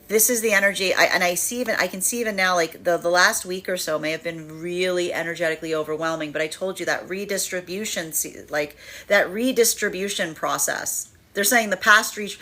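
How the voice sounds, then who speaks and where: Bright, lowish-voiced woman for a casual, rambling tarot reading. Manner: rambling, many fillers, acts out voices with laughter. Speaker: tarot reader.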